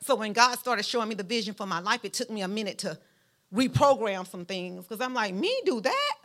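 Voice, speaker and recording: A woman with a Southern Alabama drawl preaching a sermon, folksy and emphatic, talking straight to her congregation. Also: a little fast. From Mount Vernon, Alabama, US. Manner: animated preaching with a lively pitch, rising to emphatic peaks; folksy, speaks directly to the congregation.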